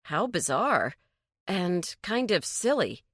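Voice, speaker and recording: A woman voicing Lindy, a sharp-tongued woman who talks bluntly and with sarcasm. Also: fairly low pitch, big pitch swings, takes it slowly, no room sound, heavily acted. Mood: impatient.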